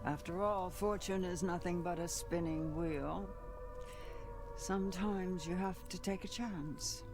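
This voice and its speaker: A woman voicing a cryptic older female tarot-reading fortune teller in a video game, speaking slowly and theatrically. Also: fairly low pitch, fairly even intonation. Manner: slow, theatrical and ominous. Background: game music.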